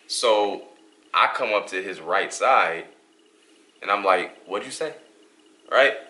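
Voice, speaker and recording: Deep-voiced man telling a story. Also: slow pace. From Western New York. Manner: animated, acts out dialogue. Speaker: vlog host. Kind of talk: casual storytelling.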